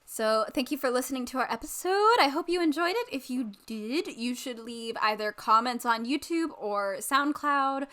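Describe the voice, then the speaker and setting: A woman's voice: sits high, lively intonation, normal speed, hardly any pauses, a bit bright. A woman co-hosting a podcast, chatting casually in a sarcastic, rambling way with lots of ums. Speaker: podcast co-host. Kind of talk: casual chat.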